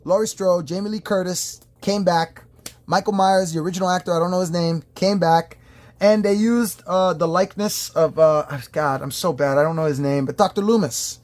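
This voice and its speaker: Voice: medium pitch, moderate pace, a little mellow. A movie and toy reviewer talking casually to camera in a blunt, opinionated rant, swearing often and rambling with fillers and restarts. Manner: rambling, with fillers and self-corrections. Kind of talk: casual ranting chat to camera.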